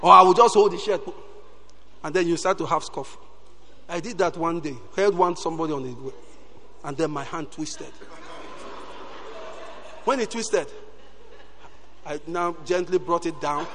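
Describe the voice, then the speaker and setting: A man preaching a sermon, animated and breaking in often with "Hallelujah" and "Praise God.". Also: fairly high pitch, a little slow, long pauses, slight background noise. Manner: animated, peppers talk with "Hallelujah". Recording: long hall reverb.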